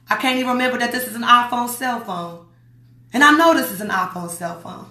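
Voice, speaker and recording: A woman's voice: on the high side, fairly quick, bright, forceful tone, roomy sound. A woman from Las Vegas hosting a livestream, reading viewer comments aloud in a blunt, emphatic way and repeating her warnings. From Las Vegas, USA. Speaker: host.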